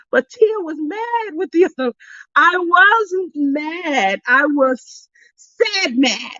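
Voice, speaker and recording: A woman with a high voice tells a story casually to her craft channel viewers, acting out each line of dialogue with sudden jumps in pitch. She laughs often and sounds animated throughout. The recording is close and dry, with slightly muffled, lo-fi sound. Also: dry recording.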